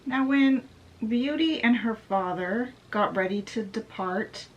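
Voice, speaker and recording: Casting: laid-back woman vlogger retelling an old tale, slow and chatty. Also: on the high side, dull audio. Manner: chatty, laid-back, asides while doing makeup. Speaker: book vlogger. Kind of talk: casual fairy-tale retelling.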